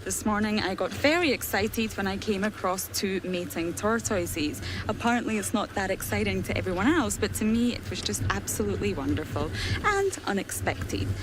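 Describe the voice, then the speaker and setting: A woman's voice: medium pitch, expressive, normal speed, hardly any pauses, noisy background. A woman safari guide giving chatty, self-deprecating live commentary from an open vehicle outdoors. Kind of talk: live commentary from a game drive.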